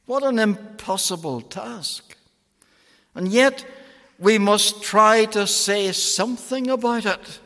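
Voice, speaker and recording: A man's voice: high-pitched, a bit bright. A man preaching an evangelistic sermon, pleading emphatically with phrases that rise and fall. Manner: slow, emphatic pleading with soaring and falling phrases. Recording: long hall reverb.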